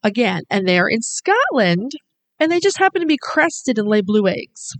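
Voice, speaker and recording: A woman's voice: fairly high pitch, big pitch swings, moderate pace. A woman co-hosting a casual podcast chat, explaining things at length in an informative way. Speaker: podcast co-host.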